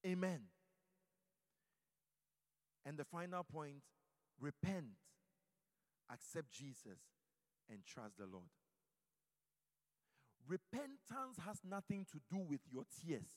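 Male pastor from Ghana, sermon, lively high voice, reverberant church hall. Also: slow, pauses often. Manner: swings from loud preaching to quiet storytelling.

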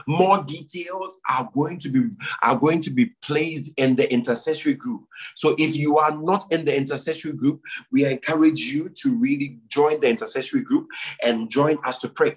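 A man leads a congregation in prayer and reads out the week's announcements. His voice sits a little high and has a husky grain, and he leans on repetition to press each point home. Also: rough recording. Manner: repeats phrases for emphasis, earnest exhortation. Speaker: pastor. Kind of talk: sermon and church announcements.

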